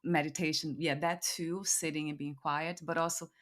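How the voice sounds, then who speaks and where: A woman with a notably low voice hosts a reflective conversation. She speaks softly and thoughtfully, trailing off and starting her sentences again while she thinks. The talk is unhurried and earnest. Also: flat delivery. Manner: soft-spoken, musing, trails off and restarts while thinking aloud. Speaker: podcast host.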